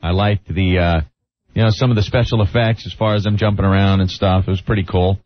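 A man's voice: low voice, steady tone, a little fast, no room sound. A male radio co-host in casual banter, making sardonic, jokey asides. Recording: dry, muffled lo-fi radio broadcast.

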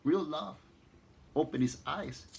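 A man with a Mexican accent telling a long story, unhurried and warm-paced, restarting phrases as he goes. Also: creaky, husky. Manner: unhurried, repeats and restarts phrases, voices the figures with rising pitch. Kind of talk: spoken storytelling.

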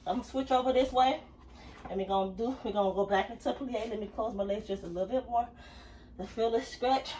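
A woman's voice: on the high side, a little fast, dark tone, slight background noise. Breathless young woman dance vlogger. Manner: chatty, counts reps aloud while exercising. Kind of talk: casual workout vlog.

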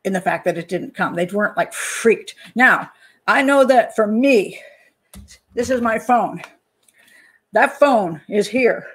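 A woman hosting a true-crime channel, analysing a case in a casual, animated way, pausing to check her notes and acting out people's reactions. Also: mid-range voice, breathy edge. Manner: animated, talks to herself while checking notes, acts out panicked parents. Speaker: criminal profiler and channel host.

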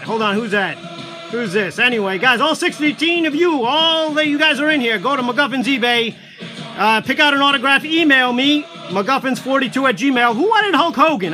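A man talks fast and loosely to his live-stream viewers, rambling from item to item. His voice is strikingly high and very bright, and he tends to yell. Music plays quietly behind him. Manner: loud, rambling, talks to viewers while showing items. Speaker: livestream seller of collectibles. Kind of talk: casual live-stream chat. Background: background music.

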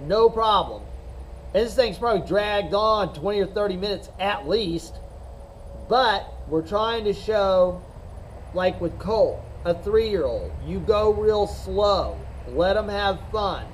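Man, middle-aged, chess coach, unscripted, rambling and emphatic, unhurried, faint background hum. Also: high voice, expressive, low-quality recording. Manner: rambling, emphatic, repeats himself. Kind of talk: unscripted talk to camera.

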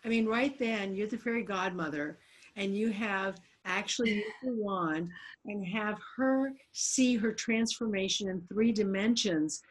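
A woman's voice: medium pitch, measured pace, breathy edge, low-quality recording. A woman talk show host interviewing a guest, effusive and full of praise. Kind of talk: interview chat.

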